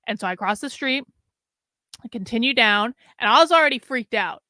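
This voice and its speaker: A woman's voice: a little high, animated, normal speed, sharp tone, no echo, studio quality. A woman host telling a personal story in a casual monologue, swearing often and filling her speech with "like" and restarts. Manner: profane, heavy use of filler "like", frequent restarts; agitated retelling. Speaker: political commentator host.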